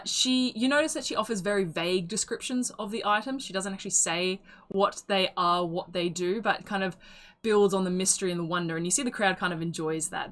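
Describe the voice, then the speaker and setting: A woman's voice: lowish voice, fairly bright tone. A woman narrating a tabletop game as game master, chatty and loose, with many fillers and laughs.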